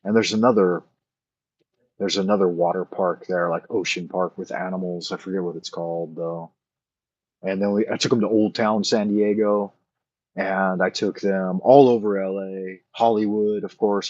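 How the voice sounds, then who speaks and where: A man's voice: low voice, fairly even intonation, moderate pace, darkish tone, no echo, lo-fi sound. A man hosting a casual late-night chat, rambling and thinking aloud with many fillers as he answers his viewers. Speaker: livestream host answering chat.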